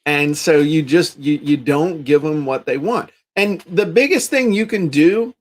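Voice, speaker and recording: Animated middle-aged male podcast host. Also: fairly high pitch, unhurried. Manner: animated storyteller acting out quotes. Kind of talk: casual podcast chat.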